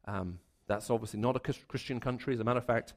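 A man's voice: mid-range voice, fast. A man preaching a sermon to a live congregation, conversational and storytelling, with frequent restarts and fillers. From raised in the Middle East.

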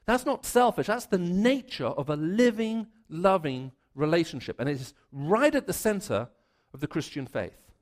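Before a live congregation, a preacher raised in the Middle East delivers a storytelling, conversational sermon full of restarts and filler words. His voice sits high and sounds sing-song, moving at a moderate pace with few pauses.

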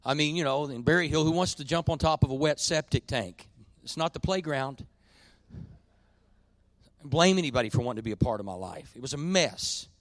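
A middle-aged man preaching a sermon in a church, folksy and confessional, swinging between quiet admissions and loud emphatic points. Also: on the high side, animated, a little fast, no room sound. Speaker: pastor.

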